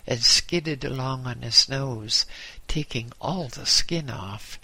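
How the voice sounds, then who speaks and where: A man's voice: medium pitch, vocal fry, sharp tone, no echo. A man narrating a story in the first person and voicing its characters' lines. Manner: measured storytelling with voiced dialogue. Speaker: audiobook narrator. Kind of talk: scripted narration.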